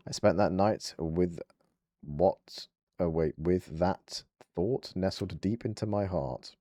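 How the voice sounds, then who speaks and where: A southern English man with a low, dark voice speaks slowly as he banters with mock indignation on a gaming livestream. His close mic is dry with a little hiss or hum, and faint game music runs in the background.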